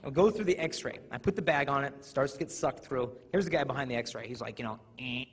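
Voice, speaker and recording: A youth speaker with a medium-pitched, breathy voice talks at a quick pace to a student audience in a large hall, spinning funny stories and performing voices. The recording picks up hall reverb and faint ambient noise.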